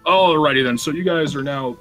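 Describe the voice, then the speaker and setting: A man's voice: a little high, brisk, a bit bright, faint music behind, poor audio. A young man acting as game master, recapping a tabletop campaign in a laid-back, profane, joking way. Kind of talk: casual tabletop game narration.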